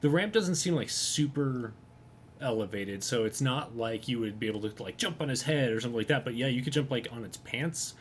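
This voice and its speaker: A man acting as game master, narrating a tabletop game in a relaxed way, with fillers and easy laughter. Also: medium pitch, a little fast, slight background noise.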